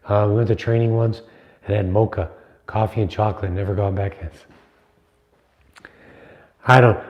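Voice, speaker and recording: Here a middle-aged knife maker and livestream host chats informally with his audience, rambling and teasing. His voice is fairly low, and the high frequencies are cut off.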